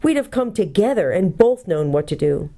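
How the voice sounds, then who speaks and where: A woman's voice: on the low side, big pitch swings, normal speed, mellow. A woman voicing an eager, bossy English schoolgirl in a storybook reading. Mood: impatient.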